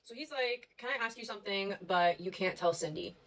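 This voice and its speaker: A woman's voice: medium pitch, fairly quick, a bit bright, rough recording. A young woman telling a story to her viewers in a casual, chatty way, full of fillers and swearing.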